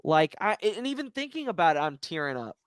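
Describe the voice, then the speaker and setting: A man's voice: fairly high pitch, big pitch swings, brisk, no room sound. A man hosting a podcast, chatting with emotional, gushing enthusiasm. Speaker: podcast host. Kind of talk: casual chat.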